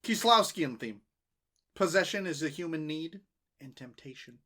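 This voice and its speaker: A man's voice: on the high side, animated, moderate pace, sharp tone. A man co-hosting a film podcast, joking and laughing as he recaps episodes. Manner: joking, laughs often, reads notes aloud. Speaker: podcast co-host. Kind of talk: casual film discussion.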